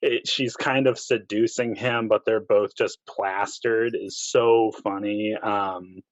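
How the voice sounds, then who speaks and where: A man's voice: on the low side, fairly even intonation, slow pace, no room sound. Man on a dull, dry-sounding podcast line. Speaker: podcast co-host. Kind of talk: casual film discussion.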